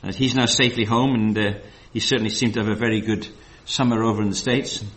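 A man preaching a Bible study sermon. He reads verses slowly and with emphasis, then drifts into loose, filler-heavy asides. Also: fairly low pitch, steady tone, a bit bright.

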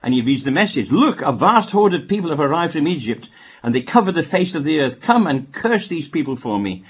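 A man's voice: fairly high pitch, very animated, brisk, slightly rough. A man reading scripture aloud and breaking off for wry asides as he teaches. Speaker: Bible teacher. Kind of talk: Bible reading with commentary.

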